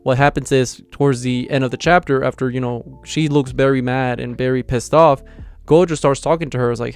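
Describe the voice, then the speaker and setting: A young man talks through a manga chapter in a loose, rambling review, with plenty of fillers and restarts. His voice is smooth and clear at an ordinary middle pitch. Faint music plays behind him. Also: steady tone, fairly quick. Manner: rambling, filler-heavy, enthusiastic. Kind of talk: casual video review.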